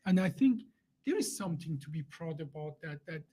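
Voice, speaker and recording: A man's voice: on the high side, lively intonation, warm tone, husky. Guy hosting a live chat, lots of uh and restarts, jokey, laughs a lot. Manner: halting, many fillers and restarts, non-native grammar. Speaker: host. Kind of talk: casual live-stream conversation.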